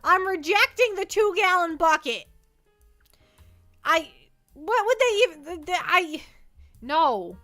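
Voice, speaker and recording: A woman's voice: extremely high pitch, big pitch swings, slow pace, long pauses, sharp tone, faint music behind. A woman livestreaming from her desk at home, chatting playfully and rambling as she reads chat messages aloud.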